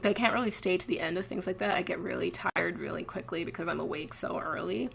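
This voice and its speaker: A woman's voice: on the low side, fast, vocal fry, fairly bright tone, a little hiss or hum. A woman in her twenties chatting casually on a live stream, rambling and reacting to viewer comments. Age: 20s. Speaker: livestreamer.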